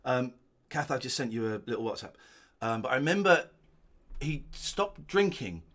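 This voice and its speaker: A man giving casual watch-along commentary that rambles and is broken up by chuckles. His voice is bright, with a lively, animated pitch. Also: moderate pace. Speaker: host watching an old episode.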